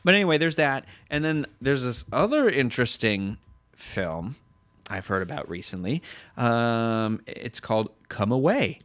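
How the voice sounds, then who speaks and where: This is a man co-hosting a laid-back entertainment news chat, with a smooth, resonant voice. He rambles and trips over his words, and his pitch leaps up when something excites him. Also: unhurried. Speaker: podcast co-host. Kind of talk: casual pop-culture news chat.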